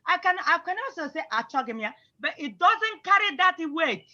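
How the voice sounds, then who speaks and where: A woman's voice: extremely high pitch, very animated, a little fast, pushed and bright, dull audio. A woman teaching an online Igbo class, patiently explaining grammar and mixing English with Igbo example phrases.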